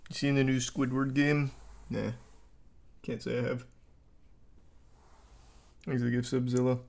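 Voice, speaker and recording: A man's voice: medium pitch, little pitch movement, a little slow, creaky, darkish tone. Male streamer, casual reaction commentary, dry and profane delivery. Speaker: livestreamer.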